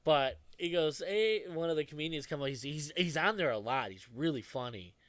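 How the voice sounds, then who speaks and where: A man's voice: fairly high pitch, lively intonation, fairly quick, fairly bright tone, no room sound. A young adult man co-hosting a podcast, telling stories in a casual, profane way and laughing often. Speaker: podcast co-host. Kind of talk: casual chat.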